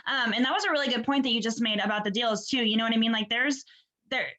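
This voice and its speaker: A woman's voice: a little high, fast talker, sharp tone, low-quality recording. A woman hosting a video call, chatty and enthusiastic, swearing now and then. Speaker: host. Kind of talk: casual video call chat.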